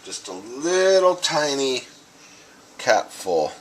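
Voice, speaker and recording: This home cooking host speaks slowly in a sing-song, medium-pitched voice while showing viewers a recipe from his kitchen. Addressing them as "guys," he keeps up a casual chatter with frequent restarts, as dishes, cutlery and stirring clatter noisily behind him.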